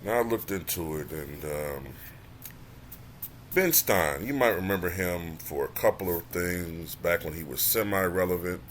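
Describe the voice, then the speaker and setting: A man hosting his own channel, giving casual commentary that runs from flat and low-key to animated and exasperated. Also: a little slow, a little hiss or hum. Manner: animated, rising to exasperated near-shouting; says he can sound monotone at times. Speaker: channel host.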